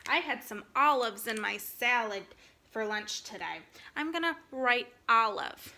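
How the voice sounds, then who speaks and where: A woman teaching a recorded phonics lesson to kindergartners, speaking slowly and clearly in an encouraging way. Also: fairly high pitch, animated, sharp tone. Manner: slow, clear, encouraging teacher talk to young children.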